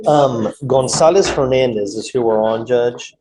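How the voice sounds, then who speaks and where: A man's voice: mid-range voice, unhurried, noisy background. A man acting as a defense attorney, giving a hesitant update to the judge with many fillers. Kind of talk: courtroom status report. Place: courtroom. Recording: courtroom with crowd chatter.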